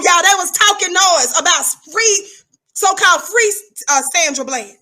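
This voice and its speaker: A woman's voice: very high-pitched, expressive, normal speed, sharp tone. A middle-aged woman, talking in an emphatic, preachy livestream monologue and repeating words for effect. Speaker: livestream commentator.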